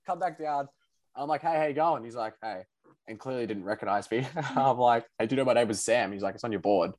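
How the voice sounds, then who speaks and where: A young man in casual chat, telling stories with lively energy. He acts out the people in his stories, jumping up in pitch for their lines. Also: brisk. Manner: animated storyteller, acts out quotes with big pitch jumps. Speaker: podcast co-host telling a story.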